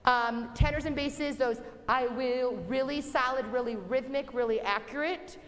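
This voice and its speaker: A young woman directing a choir rehearsal, giving brisk, encouraging instructions and singing example phrases. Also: sits high. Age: young adult. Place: rehearsal hall. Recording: long hall reverb, faint music.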